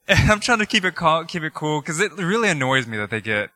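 A man's voice: fairly high pitch, dry recording. A man, preaching a sermon in a conversational, storytelling way with many fillers. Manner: conversational, animated storytelling with laughs and filler words. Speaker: pastor. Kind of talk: sermon with personal stories.

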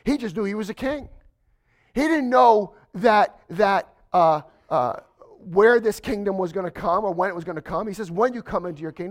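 High-voiced preacher, hushed to emphatic. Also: male voice. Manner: swings from hushed to emphatic, slows for stress. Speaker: pastor. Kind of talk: sermon.

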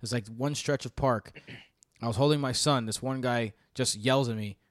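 A man's voice: medium pitch, moderate pace. A man hosts a fantasy football discussion in a chatty, easygoing voice, throwing questions to his co-hosts. The sound is dry, with no room echo. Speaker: fantasy football podcast host. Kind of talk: casual sports chat.

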